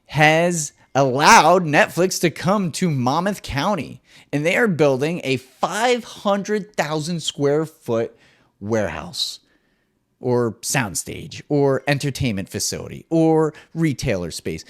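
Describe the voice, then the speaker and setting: A young man hosting a comedic solo podcast, ranting with swearing and swinging between loud bursts and muttered asides. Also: on the high side, lively intonation, takes it slowly. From New Jersey. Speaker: podcast host.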